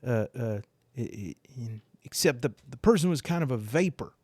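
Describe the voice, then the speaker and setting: A man's voice: medium pitch, animated, moderate pace, a little mellow, no room sound, clean studio sound, close to an everyday voice. A man voicing a nosy, overfamiliar young man who stammers and rambles. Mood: nervous.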